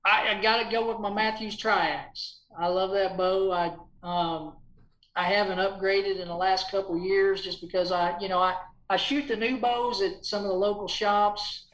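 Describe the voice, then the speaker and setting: A man telling stories as a podcast guest in a lively, chatty way, acting out quotes with a raised voice. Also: high voice, normal speed, reverberant, rough recording. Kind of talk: casual storytelling.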